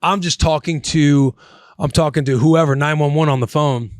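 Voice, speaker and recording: A man in his thirties tells a story as a podcast host, his voice sitting a bit high for a man. He talks in a loose, animated way, dropping swear words and calling his listener buddy. The sound is dry and close, with no room around it. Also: moderate pace, no room sound. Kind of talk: casual storytelling.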